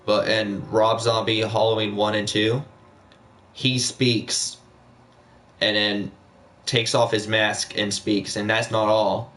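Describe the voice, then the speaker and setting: A man's voice: on the low side, little pitch movement, slow pace, fairly bright tone, a little hiss or hum. A young man chatting casually on a live stream, rambling with many fillers and repeating himself.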